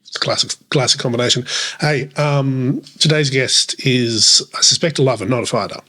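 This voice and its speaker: A man's voice: medium pitch, normal speed, bright, forceful tone. Chatty man co-hosting a podcast. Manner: chatty, rambling with fillers and restarts. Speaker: podcast co-host. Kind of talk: casual chat.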